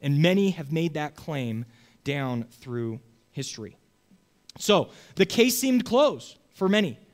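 A man teaching a Bible study class in a lively way, often checking in with his listeners. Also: on the high side, slow pace. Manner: animated, asks the class for agreement.

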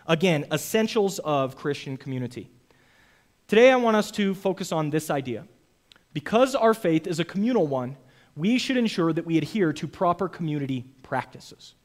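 Man, young, high-pitched, sermon, earnest, emphatic. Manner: earnest, emphatic preaching with rhetorical asides. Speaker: pastor.

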